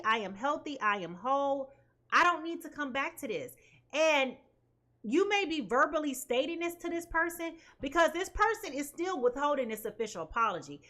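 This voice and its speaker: A woman with a high, pushed, bright voice does an emphatic tarot reading for her viewers, frequently checking in with "okay?"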